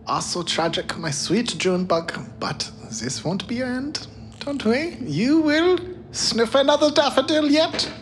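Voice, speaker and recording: A man voicing a weary, gentle male scientist who speaks formally and sadly. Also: extremely high pitch, lively intonation, measured pace, slight background noise, voice pushed up. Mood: tender. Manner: formal, melancholy speech.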